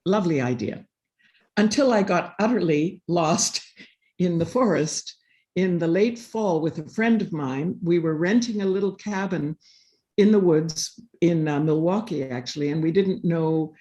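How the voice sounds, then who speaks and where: This woman's voice is warm and on the low side, running a little slow. Sitting on a panel, she recounts something from her own life earnestly and reflectively, acting out what people said.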